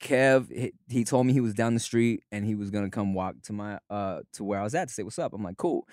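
Young man, relaxed storyteller, swears and laughs, dry close sound. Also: lowish voice, fast, no room sound. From Southern California. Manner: laid-back, swears casually, laughs through stories. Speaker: podcast co-host. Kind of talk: casual storytelling chat.

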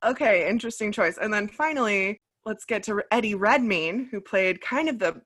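A woman's voice: mid-range voice, lively intonation, moderate pace, fairly bright tone. Chatty, laughing woman film reviewer. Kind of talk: casual film review chat.

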